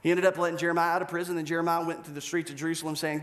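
A male pastor preaching a sermon, telling a story with animated delivery and acted-out scenes. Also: on the high side, rapid-fire, gravelly, hardly any pauses.

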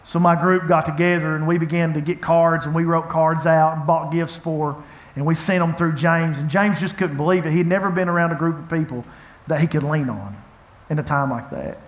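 A pastor with a fairly high, steady voice delivers a sermon at a brisk pace, sharing a personal story in an earnest, conversational way. He's in a church hall, and the room sounds echoey.

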